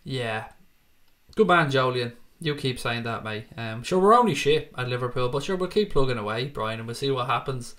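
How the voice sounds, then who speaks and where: A man in the middle of his usual voice range hosts a relaxed football live stream from home. He chats loosely and swears often as he reads and answers viewer comments. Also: medium pitch, moderate pace. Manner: chatty, swears freely, laughs off comments. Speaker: football channel host reading viewer comments. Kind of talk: casual live-stream chat.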